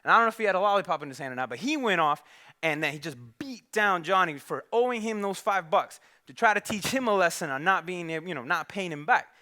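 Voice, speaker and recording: Animated, bright-voiced male preacher. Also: sits high, fast talker. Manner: animated, conversational, acts out characters. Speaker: pastor. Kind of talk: storytelling sermon. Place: church.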